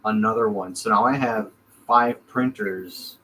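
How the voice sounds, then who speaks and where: Recorded at home among 3D printers, this American podcast co-host speaks in a lowish, steady, sharp-toned voice at a measured pace. He chats in a loose, easygoing way full of fillers. The low-quality recording carries a slight hiss or hum.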